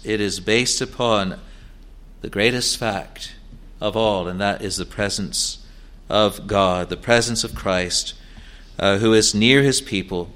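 A man preaching a sermon in an earnest, halting way, with many fillers and restarts, rising to emphatic declarations. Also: lowish voice, a bit bright.

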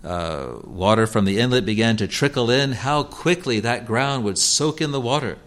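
A man preaching a sermon, speaking in a measured, halting way with many fillers and lifting his emphasis when he quotes scripture. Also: mid-range voice, animated, fairly bright tone.

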